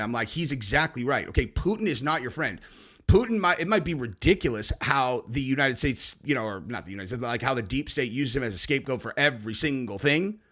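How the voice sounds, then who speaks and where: A man's voice: mid-range voice, fairly bright tone. A man hosting a podcast, ranting in a heated, profane, scolding way. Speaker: podcast host. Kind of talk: political rant on a podcast.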